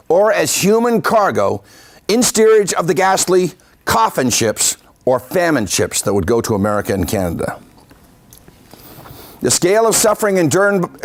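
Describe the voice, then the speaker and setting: A man giving a history lecture at a senior center, adding pointed asides to his audience. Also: sits high. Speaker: local historian giving a talk. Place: senior center meeting room.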